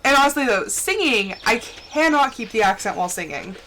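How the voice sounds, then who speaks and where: A woman's voice: fairly high pitch, brisk, slight background noise. A young adult woman hosting a live stream, chatting casually and playfully while she plays a game. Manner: chatty and playful, with animated storytelling asides. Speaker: live-stream gaming host.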